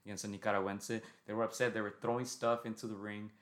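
A low-voiced man co-hosts a casual boxing podcast. He recounts a fight step by step, often checking in with "right?" and filling pauses with "um". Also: level tone. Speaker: podcast co-host.

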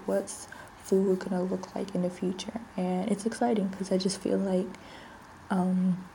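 A woman's voice: medium pitch, gravelly, dark tone, slight background noise, rough recording. A young woman hosting a casual solo podcast, chatty, with frequent restarts and the odd drop to a whisper. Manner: chatty, restarts often, drops to a whisper at times. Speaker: podcast host.

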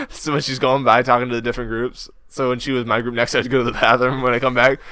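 Young man, podcast co-host, teasing, laughs a lot, crisp, dry close sound. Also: mid-range voice, little pitch movement, fast talker, sharp tone, no room sound. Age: young adult. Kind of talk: casual chat.

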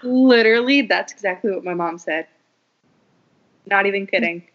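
A young woman co-hosting a casual chat podcast, playful and quick to giggle. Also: mid-range voice, a bit bright. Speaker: podcast co-host. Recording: dull lo-fi audio.

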